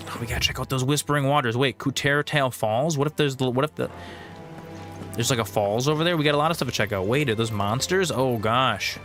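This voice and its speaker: A man streaming a video game, chatting in an excitable, jokey, rambling way as he plays. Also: mid-range voice, fairly quick. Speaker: gaming streamer host. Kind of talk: casual let's-play commentary. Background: game music.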